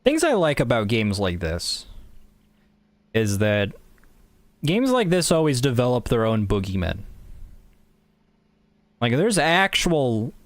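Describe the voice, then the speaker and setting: A man's voice: mid-range voice, sing-song, takes it slowly, long pauses, dry recording. A man giving casual, rambling let's-play commentary with wry, self-mocking jokes. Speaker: gaming YouTuber.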